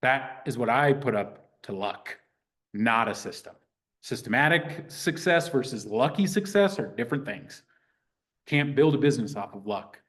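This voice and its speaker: A man teaching a real estate class in a lively, conversational way, acting out sample phone calls. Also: medium pitch, moderate pace. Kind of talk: teaching a live workshop.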